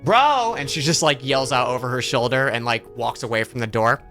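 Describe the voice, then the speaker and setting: A man narrates a tabletop game as its game master, stopping and restarting his phrases often. His voice is bright, with faint music behind. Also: medium pitch, steady tone. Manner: halting, with many fillers and restarts.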